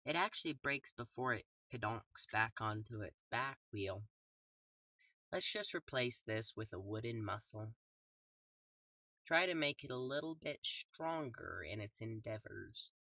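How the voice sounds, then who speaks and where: Slow, soft-spoken young gamer man. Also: mid-range voice, no room sound, recorded from a distance. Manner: calm, soft-spoken, playful made-up sound words. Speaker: gaming YouTuber. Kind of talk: casual gameplay commentary.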